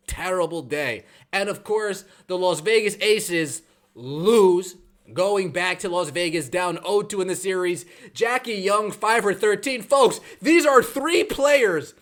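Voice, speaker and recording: A man with a high-pitched voice delivering a sarcastic sports rant. He mocks as he goes, lingering on numbers with scorn. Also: a bit bright. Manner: sarcastic, mocking. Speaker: podcast host.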